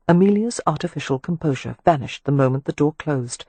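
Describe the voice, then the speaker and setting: A woman narrating an audiobook in a measured, even manner. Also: low voice, slightly rough, dry recording. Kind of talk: scripted narration of a historical romance.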